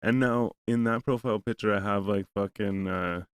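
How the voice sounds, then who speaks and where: Low, smooth-voiced man telling a rambling story. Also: steady tone, normal speed, dry recording. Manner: rambling and profane, full of "like" and "man"; acts out both sides of a conversation. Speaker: podcast host. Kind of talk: casual storytelling chat.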